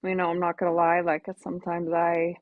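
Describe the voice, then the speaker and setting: A lower-pitched woman speaks in casual interview chat, earnest and reflective with a halting flow. The sound is dry and close. The audio is dull and lo-fi. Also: completely flat delivery, dry recording. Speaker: podcast guest, melanoma advocate.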